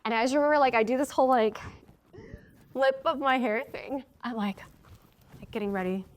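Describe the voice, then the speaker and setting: A woman's voice: on the high side, a little fast, a little hiss or hum. A woman in her thirties hosts a podcast and tells a personal story in a casual, chatty voice. She slips into her own past lines as she tells it and laughs between phrases. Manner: laughs often mid-sentence. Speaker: podcast host.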